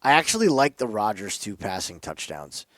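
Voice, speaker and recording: A man's voice: fairly low pitch, big pitch swings, moderate pace, a bit bright, dry recording. A man co-hosting a sports betting podcast, giving emphatic, opinionated picks with playful asides. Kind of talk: casual sports betting chat.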